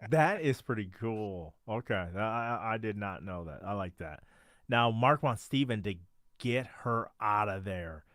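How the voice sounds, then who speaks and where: A man's voice: fairly low pitch, lively intonation, a little slow, fairly bright tone, no echo. Laughing man recapping an episode, dry sound. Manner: laughs often, recaps plot in bursts. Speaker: podcast co-host. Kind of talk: casual TV episode review chat.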